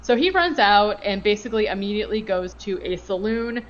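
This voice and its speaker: A woman's voice: medium pitch, expressive, a little fast. Woman podcast cohost rambling thru a movie plot, like like like, muffled lo-fi mic w faint hiss. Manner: rambling, filler-heavy storytelling. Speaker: podcast co-host. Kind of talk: casual movie recap.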